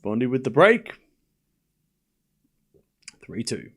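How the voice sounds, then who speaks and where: A man's voice: mid-range voice, very animated, takes it slowly, a bit bright, husky. A man hosting a live tennis watchalong stream, calling the score and chatting casually with his viewers between points. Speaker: livestream host.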